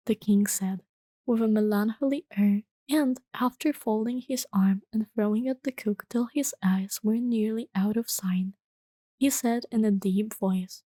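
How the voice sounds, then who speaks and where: A woman reading a bedtime story in a gentle, hushed soft-spoken ASMR style that slips into whispers. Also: medium pitch, unhurried, dry recording.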